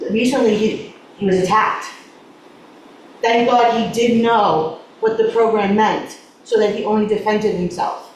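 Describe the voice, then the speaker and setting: A woman's voice: mid-range voice, darkish tone. A woman speaks as a parent during public comment, trying not to cry as she halts and repeats words. Her voice comes from a podium mic some distance away, with a roomy echo and a faint hiss under it. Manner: halting, repeats words, pleading. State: holding back tears. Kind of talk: public comment at a school board meeting. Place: large echoey meeting room. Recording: echoey room audio with faint noise, from a distance.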